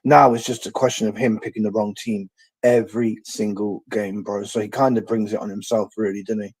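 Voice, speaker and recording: A man's voice: fairly low pitch, level tone, brisk, a little mellow, husky. A man joining a football watchalong as co-host, talking bluntly in a laid-back way and calling people mate and bro. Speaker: co-host on call. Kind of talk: casual football chat.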